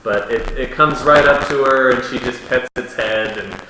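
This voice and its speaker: A man's voice: mid-range voice, noisy background. Man game master in an echoey room. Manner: casual and halting, with restarts. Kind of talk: narrating a tabletop game.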